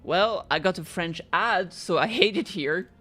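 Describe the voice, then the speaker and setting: Young woman gamer chatting while she plays, giggly and playful, voice jumps around a lot, game music soft in the back. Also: lowish voice, expressive, measured pace. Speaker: streamer. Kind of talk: casual game-stream chat.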